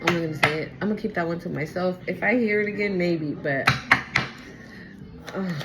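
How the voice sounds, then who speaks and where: A woman's voice: lowish voice, fairly quick, loud music behind the voice, low-quality recording. A woman giving a casual spoken tarot reading to her viewers, talking in an emphatic, repetitive way. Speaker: tarot reader.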